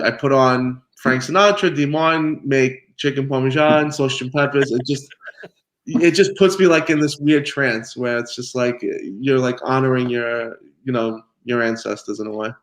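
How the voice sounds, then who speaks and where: A man from New York, a guest pizzaiolo, telling stories in a relaxed interview and laughing often. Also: mid-range voice, moderate pace. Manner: animated storyteller, laughs often. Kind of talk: casual interview chat.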